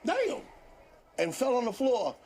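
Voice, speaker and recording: A man in his fifties, a comedian guest telling stories in a casual interview, animated, laughing often and swearing freely. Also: extremely high pitch, measured pace, slight background noise.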